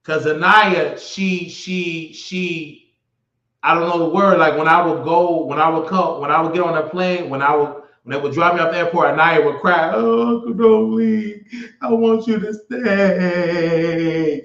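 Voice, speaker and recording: A man's voice: a little high, steady tone, normal speed, pushed and bright. Blunt man host in an echoey room. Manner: blunt, mocking trash talk at viewers. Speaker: livestream host. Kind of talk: casual commentary on a live stream. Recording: echoey, slightly dull sound.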